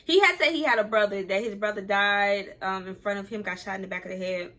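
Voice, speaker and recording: A woman's voice: medium pitch, fast talker. A young adult woman telling a casual, rambling storytime, acting out the things people said. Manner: rambling, animated retelling that acts out quoted dialogue. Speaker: vlogger.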